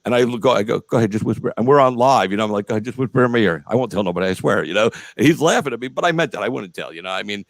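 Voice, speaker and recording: A middle-aged man hosts a relaxed interview show, chatting in long looping runs peppered with fillers and profanity. His voice sits low, and the dry recording has almost no room sound. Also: racing, gravelly, hardly any pauses, no room sound. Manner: rambling, profane, lots of fillers. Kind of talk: casual interview chat.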